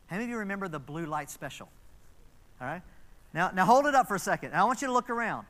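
A man's voice: sits high, sing-song, fast talker, fairly bright tone. A man in his fifties preaching a conversational sermon in a church, telling stories with asides to the congregation. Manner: chatty storytelling with asides to the congregation. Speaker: pastor.

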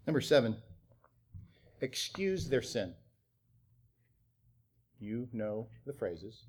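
A young adult man preaching a sermon on parenting, animated and punctuated with mocking acted-out quotes of parents. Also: mid-range voice, slow pace, long pauses. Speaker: pastor.

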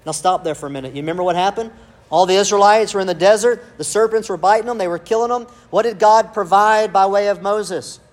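A pastor delivers an emphatic sermon. His voice sits a bit high for a man, and he presses his points with rhetorical questions and calls of amen. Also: fast.

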